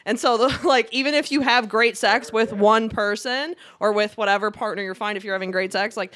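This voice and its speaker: A woman's voice: a little high, a little fast, a bit bright. A woman co-hosting a podcast, talking in blunt, profane casual chat and laughing often as she makes her point. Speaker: podcast co-host.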